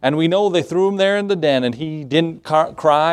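A man's voice: on the high side, expressive, moderate pace. A middle-aged male pastor preaching a sermon in a conversational, storytelling way, with fillers and asides.

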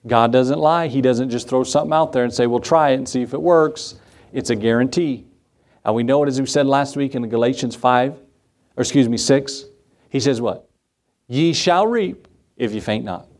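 A man preaching from the pulpit in a conversational way, with light humor mixed in. His voice sits at an ordinary pitch for a man. He repeats his key lines so they land with the congregation. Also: normal speed, darkish tone. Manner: repeats key phrases for emphasis. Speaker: pastor. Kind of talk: sermon.

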